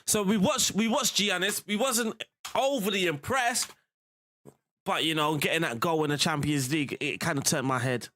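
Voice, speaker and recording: An excitable man chats his way through a football management game, often breaking into shouts at the action. His voice sits a touch high, and the room is dry and close. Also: normal speed, no room sound. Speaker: gaming streamer. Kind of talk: live game commentary.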